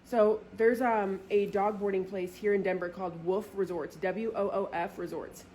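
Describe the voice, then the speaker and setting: A woman's voice: moderate pace, slight background noise. A woman vlogger telling a casual storytime, chatty and full of filler words and swearing. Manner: acts out quoted friends with lively pitch jumps.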